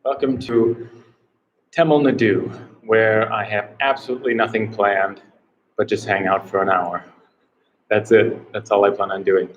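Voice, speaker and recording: A man's voice: on the low side, steady tone, measured pace, lo-fi sound, slight background noise. An American man chatting casually on a live stream from a small room, rambling and unsure, often repeating himself. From United States. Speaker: travel vlogger doing a live Q&A.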